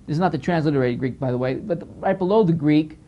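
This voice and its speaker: A man's voice: fairly high pitch, fast, muffled recording. A male pastor giving a Bible teaching lecture, emphatic and scolding, who often repeats phrases as he works through the text.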